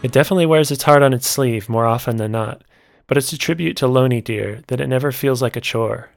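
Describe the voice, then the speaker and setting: A man narrating a scripted music album review in a measured, descriptive way. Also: mid-range voice, gravelly.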